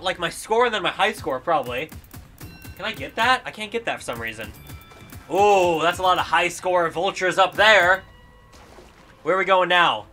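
A young man giving excited let's-play commentary, exclaiming and talking to himself while he plays a video game. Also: high-pitched. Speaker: gaming YouTuber.

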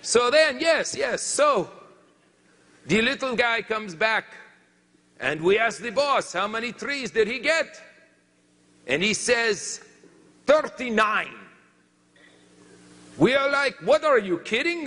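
A man putting on a French-accented lumberjack who tells a comic tale in halting, broken English. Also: sits high, sharp tone, in a large hall, full character voice. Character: boastful male French lumberjack, adult. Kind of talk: comic storytelling on stage.

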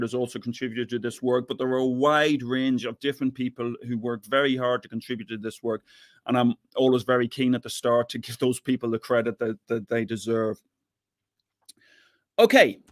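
A man's voice: mid-range voice, dry recording, clean studio sound. A middle-aged man with an Irish accent giving an online physics lecture, chatty and often repeating words as he thinks. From Ireland, near the Northern Ireland border. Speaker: physics professor giving an invited talk.

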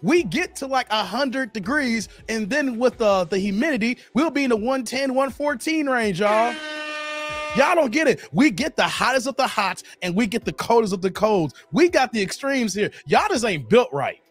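Lively high-voiced man teasing his chat. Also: moderate pace, soft background music. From Chicago area. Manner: laughing, teasing banter with chat. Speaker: livestream host. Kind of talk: casual livestream chat reading comments.

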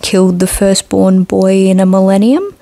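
A woman reading aloud voices a teasing vampire man who is the heroine's brother, keeping close to her own low voice. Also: moderate pace, creaky, warm tone, close to an everyday voice. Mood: defensive.

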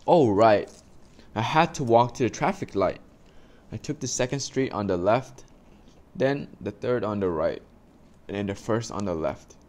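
A man reading a children's storybook aloud slowly and carefully, with small stumbles, then giving his listeners instructions. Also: lowish voice, animated, a little mellow. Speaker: reader for a class.

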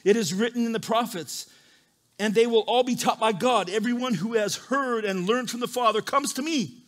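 High-voiced, animated preaching pastor. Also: male voice, normal speed. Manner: animated, swings from quiet reading to loud emphasis. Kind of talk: sermon with scripture reading. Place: church service.

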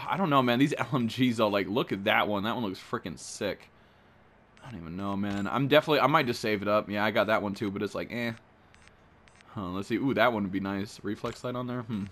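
A young man giving casual commentary as he opens in-game supply drops, excitable and full of slang. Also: medium pitch. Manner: excitable, slangy, thinks aloud. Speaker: gaming streamer.

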